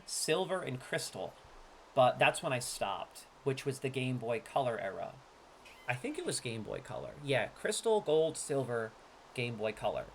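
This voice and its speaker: A man in his thirties talking casually to his stream while opening card packs. He swings between boastful, loud trash-talk and low, laid-back asides. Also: a little hiss or hum.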